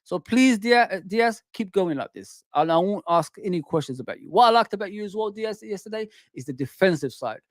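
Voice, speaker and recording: A man's voice: high voice, animated, brisk, hardly any pauses, no room sound, clean studio sound. A man hosting a football fan channel, ranting heatedly and repeating "man" and "people" at his listeners. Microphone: desk microphone.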